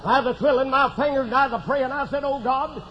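A man preaching a testimony sermon in a folksy manner, breaking into shouted exclamations. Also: very high-pitched, a little fast. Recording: dull lo-fi recording with faint noise.

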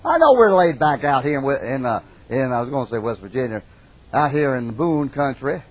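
A man's voice: mid-range voice, very animated, fairly quick, lo-fi sound. A middle-aged man preaching a folksy, emphatic sermon, calling out amens. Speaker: pastor.

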